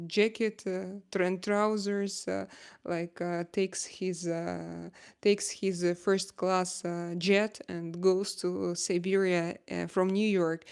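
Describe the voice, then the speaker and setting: A middle-aged woman with a Russian accent hosts a casual livestream chat, reading viewer comments aloud. Her medium-pitched voice is creaky, smooth, and a little mellow, and she speaks hesitantly with many filler sounds and some playful teasing.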